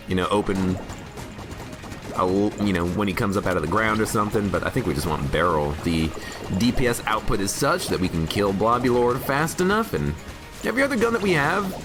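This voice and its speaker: Man with a deep, rough cold voice. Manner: rambling, self-mocking, quick asides. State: sick with a cold, voice hoarse and shot. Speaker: streamer playing a game. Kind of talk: casual gameplay commentary.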